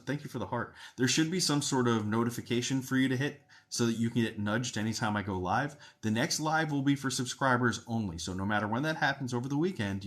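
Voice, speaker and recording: A man hosting a live stream as a psychic medium, chatting with viewers, thanking them and describing what he senses in a steady, explanatory way. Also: mid-range voice. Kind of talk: casual live-stream chat with readings.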